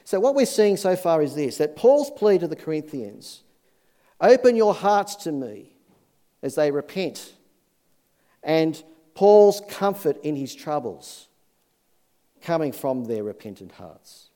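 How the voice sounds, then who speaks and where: Male pastor, mellow slightly high voice, folksy sermon delivery. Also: big pitch swings, takes it slowly, pauses often. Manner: folksy, earnest, many fillers and restarts.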